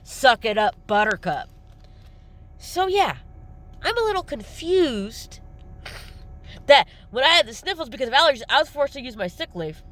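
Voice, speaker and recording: A woman's voice: sits high, big pitch swings, normal speed, a bit bright. Riled-up woman ranting to camera. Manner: riled-up, irritated, blunt; repeats taunts and jeers. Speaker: vlogger.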